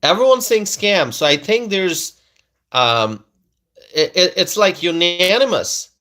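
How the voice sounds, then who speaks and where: Slow, bright-voiced livestream host. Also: male voice, sits high, big pitch swings. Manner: slow, emphatic, repeats phrases and asks the audience questions. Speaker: livestream host reading viewer comments. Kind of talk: casual political livestream chat.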